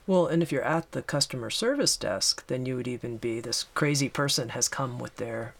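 A man interviews a guest in a relaxed conversation, his voice carrying a noticeable gravelly fry. He keeps his part brief, offering agreeable nods and short questions. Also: medium pitch, normal speed.

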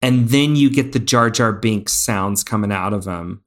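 A man co-hosting a casual film review podcast, animated and heavy on fillers and restarts. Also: on the low side, moderate pace. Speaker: podcast co-host.

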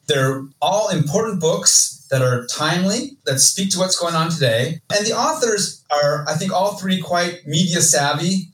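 A man co-hosting a podcast, talking casually through a list of book reviews with steady enthusiasm. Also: a little high. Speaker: podcast co-host. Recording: roomy echo, distant from mic.

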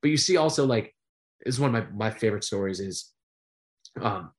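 Lively man telling a story, lower voice. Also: brisk. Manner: animated storyteller with many fillers. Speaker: sportscaster guest. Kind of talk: casual storytelling interview.

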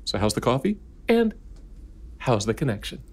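A man's voice: mid-range voice, sing-song, normal speed. A man co-hosting a podcast in casual chat, playful and talkative, explaining things at length. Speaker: podcast co-host.

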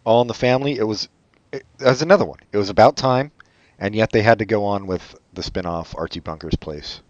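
Deep-voiced deadpan man, dry muffled sound. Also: a little fast, no echo. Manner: deadpan, sardonic asides. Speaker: podcast co-host. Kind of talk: casual chat.

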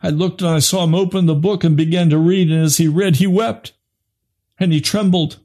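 Impassioned preacher, man with a high voice. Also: steady tone, normal speed, a little mellow. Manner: impassioned, swinging from low grave tones to high urgent cries. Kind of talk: sermon.

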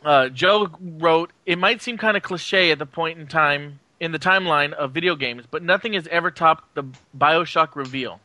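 Bright-voiced male podcast host. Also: on the high side, no echo. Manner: relaxed, halting with fillers. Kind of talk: casual podcast chat.

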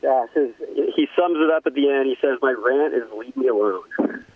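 A man's voice: medium pitch, normal speed, no echo. Male guest, easygoing, phone-call sound, dry. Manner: easygoing, hesitant, many fillers. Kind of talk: casual chat. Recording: dry tinny phone line.

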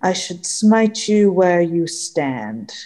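A woman's voice: on the low side, very animated, takes it slowly, mellow. A woman voicing a haughty, sneering male paladin who speaks in cold, clipped threats. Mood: menacing.

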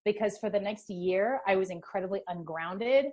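A middle-aged woman from California, guest in an interview, telling a personal spiritual story in an animated, emotional way. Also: medium pitch, moderate pace.

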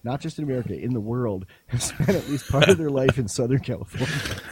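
A man's voice: medium pitch, expressive, fast, darkish tone, husky, no echo. A man joking and rambling in casual banter as a podcast guest, talking over a voice chat call. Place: home in Wyoming. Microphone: online voice chat call.

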